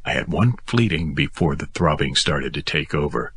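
A man narrating a first-person novel as an audiobook, in a gruff, weary telling. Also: rumbling low, animated, normal speed, no room sound, clean studio sound.

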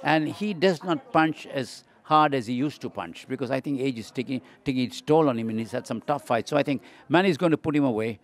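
A man who works as a boxing journalist, giving a measured, analytical prediction in an interview. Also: mid-range voice. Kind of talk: interview answer.

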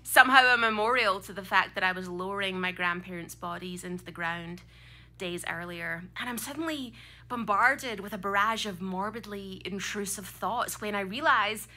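A woman's voice: mid-range voice, moderate pace, pushed and bright. A Scottish woman around thirty performing a personal story live on a club stage, with a vivid, comic, dramatic delivery. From Scotland.

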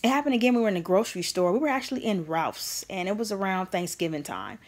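A woman's voice: medium pitch, lively intonation, fast talker. Woman vlogger, mid-range voice, earnest and emphatic personal storytelling to camera. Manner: earnest, emphatic, talks straight to viewers.

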